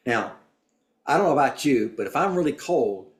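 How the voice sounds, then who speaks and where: A man's voice: mid-range voice, lively intonation, normal speed. A man taking part in a Bible class discussion, reflective and explaining with everyday examples. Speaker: class participant. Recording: roomy church classroom.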